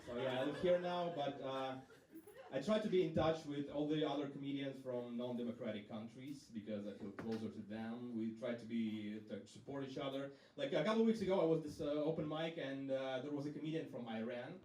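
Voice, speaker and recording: A male stand-up comedian telling stories deadpan on a club stage, slipping into quick quoted voices. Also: medium pitch. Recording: roomy club sound from a distance.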